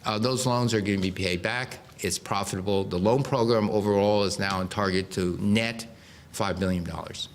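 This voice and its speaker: Low-pitched guy in his sixties lecturing a crowd, dry jokes, keeps restarting sentences, bit of hiss. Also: fairly even intonation, normal speed. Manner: explanatory, dry humor, frequent restarts. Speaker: guest speaker. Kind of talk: public lecture. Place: lecture hall before a live audience.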